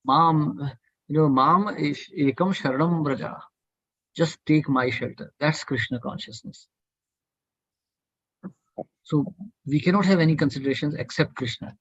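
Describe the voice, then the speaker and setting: Man, husky voice, fairly high pitch, earnest devotional class talk, dry muffled call audio. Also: a little slow, long pauses, fairly bright tone, dry recording. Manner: earnest, provocative, repetitive urging. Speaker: study group speaker.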